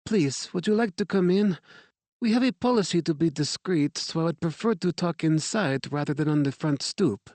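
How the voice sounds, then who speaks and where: A man's voice: on the high side, normal speed, a little mellow, dry recording, pitched above the performer's own voice, close to an everyday voice. A man voicing a middle-aged French woman who runs a shelter, speaking with a French accent in a polite, cool, protective way. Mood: polite, reserved.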